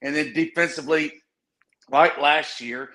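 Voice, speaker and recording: Bright-voiced man breaking down football. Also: a little high, measured pace. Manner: steady, methodical breakdown of players. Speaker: radio sports guest. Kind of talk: casual sports analysis.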